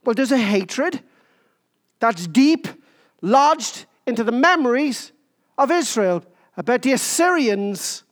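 A woman preaching a sermon, emphatic, with short repeated phrases and pauses. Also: lively intonation. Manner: jokes about squeaking into a higher voice.

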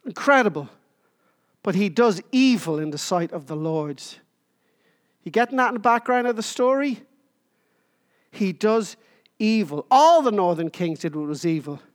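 A woman preaching a sermon, emphatic, with short repeated phrases and pauses. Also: animated. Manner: jokes about squeaking into a higher voice.

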